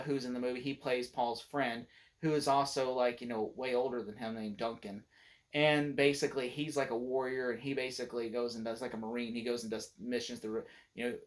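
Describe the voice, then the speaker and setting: A man casually retelling a film's plot for a review, rambling with many filler words and restarts, excited about the scenes he loves. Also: medium pitch. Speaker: movie reviewer. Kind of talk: casual spoken movie review.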